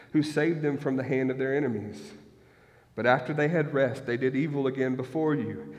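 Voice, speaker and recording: A man in his thirties preaching a sermon, reading scripture aloud and breaking off into lively, joking asides to the congregation. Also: medium pitch. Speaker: pastor. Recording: long hall reverb.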